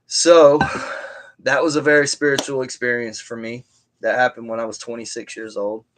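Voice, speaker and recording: A man's voice: mid-range voice, little pitch movement, normal speed, slight background noise. A man on a live stream telling a story from his own life in a casual, rambling way, with many restarts and side remarks. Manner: rambling, with frequent restarts and asides.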